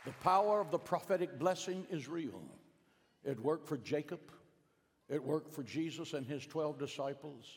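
A middle-aged male pastor telling a family story in a sermon, swinging from hushed lines to emphatic bursts. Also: on the high side, normal speed, a faint crowd. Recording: long hall reverb.

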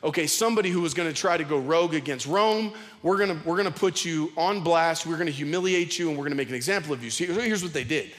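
A man preaching a sermon with a fairly high voice, talking casually and restarting his phrases as he goes. His words carry a long hall reverb. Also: fast talker, hardly any pauses, a bit bright. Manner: conversational preaching, repeats words, acts out quotes. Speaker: pastor.

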